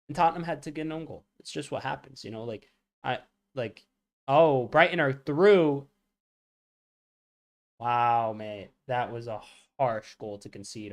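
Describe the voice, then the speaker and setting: Guy doing a football watchalong stream, casual slangy chat, mid pitch, talks back to the chat. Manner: chatty, reacts loudly to goals, talks to chat with slang. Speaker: livestream watchalong host.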